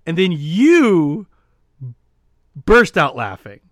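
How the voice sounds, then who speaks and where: Animated man telling a story on a podcast. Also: on the high side, drawn-out words, no echo, clean studio sound. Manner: animated storyteller, many restarts, gets loud retelling the joke. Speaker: podcast co-host. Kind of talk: casual storytelling chat.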